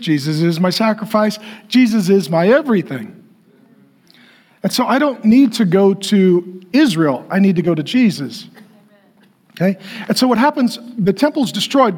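A male preacher with a high, husky voice that swoops up and down as he teaches. He delivers his sermon with playful asides and sudden loud bursts to the congregation. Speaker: pastor.

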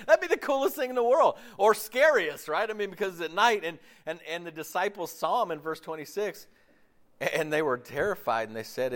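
A man's voice: high voice, fairly quick. A man preaching a casual, conversational sermon, laughing often and breaking off his own sentences. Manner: animated, laughs often, jumps into playful voices; loose, self-interrupting, many fillers.

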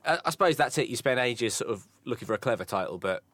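Fast-talking teasing man. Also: mid-range voice, no echo. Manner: quick, teasing, deadpan jabs. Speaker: podcast co-host. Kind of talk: casual comedic chat.

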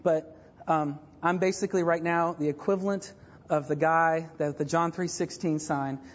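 A man preaching a sermon as pastor, animated and joking, stumbling through fillers and restarts. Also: a little high, moderate pace, long reverb tail, muffled recording. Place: church sanctuary.

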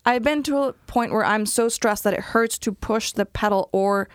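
Colombian-accented woman co-host, lively and quick, higher voice, close dry sound. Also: smooth, dry recording. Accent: Colombian Spanish. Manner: animated, laughs often, quick asides. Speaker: podcast co-host. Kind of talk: casual chat.

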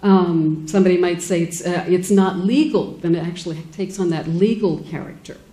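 A woman's voice: lowish voice, fairly even intonation, moderate pace, warm tone. A woman giving an informal lecture in a classroom, talking casually with many fillers and restarts. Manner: conversational, many fillers and restarts, acts out quoted speakers.

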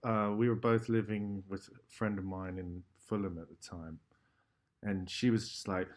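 A man's voice: on the low side, steady tone, normal speed. Sweary man telling stories. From London, England. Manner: swears a lot, rambling with many fillers. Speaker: graffiti artist guest. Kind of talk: casual storytelling.

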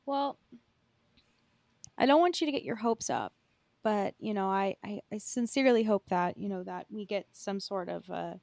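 A woman's voice: mid-range voice, expressive, moderate pace, creaky, a little mellow, no echo. A woman co-hosting a podcast, recapping news in casual chat with many fillers. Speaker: podcast co-host.

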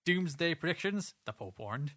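A man's voice: a little high, big pitch swings, normal speed, fairly bright tone. A man co-hosting a casual chat show, joking and laughing as he reads out news items. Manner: jokey, laughs often, reads news aloud. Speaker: podcast co-host.

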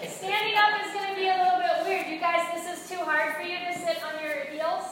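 A woman's voice: very high voice, steady tone, a little fast, a crowd in the background. A woman instructor guiding a group of young players through breathing exercises and yoga poses, encouraging and asking the group questions. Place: large echoey room with a group of young hockey players. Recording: echoey room, distant mic.

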